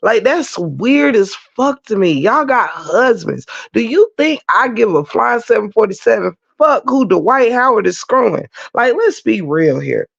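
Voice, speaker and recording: Livestream ranter: woman, slow and lively delivery, gravelly edge, muffled lo-fi audio. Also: a little high. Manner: profane, rambling, animated, greets viewers in the chat. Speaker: livestream commentator. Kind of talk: ranting livestream commentary. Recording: dull lo-fi stream audio.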